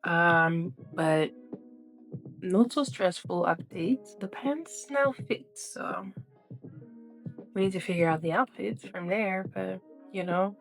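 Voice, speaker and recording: A young woman vlogging to camera in a casual, tired, rambling way, with a low, quiet voice. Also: slow, gravelly, soft background music.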